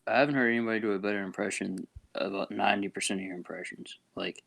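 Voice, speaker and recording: A man's voice: on the low side, fairly even intonation, quick pace, gravelly, a bit bright. A young man co-hosting a casual podcast, chatting loosely in laid-back, rambling banter. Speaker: podcast co-host. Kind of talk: casual chat.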